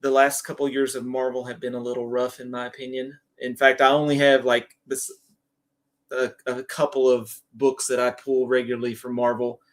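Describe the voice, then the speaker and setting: A relaxed man from South Carolina chats easily as a podcast guest and laughs often. His voice has an ordinary middle pitch. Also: normal speed. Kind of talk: casual chat.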